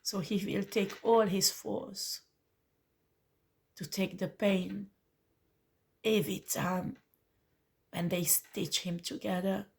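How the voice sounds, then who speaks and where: This woman's mid-range voice stays fairly even in intonation, slow and creaky, with frequent pauses. As a tarot reader, she delivers a spiritual monologue to the listener in an earnest, pleading way, calling them honey.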